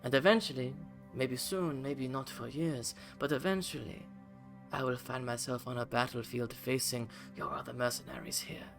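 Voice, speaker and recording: A man's voice: mid-range voice, gravelly, soft background music, lightly acted. A man doing a cold, haughty woman fighter. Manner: calm, measured, coldly threatening.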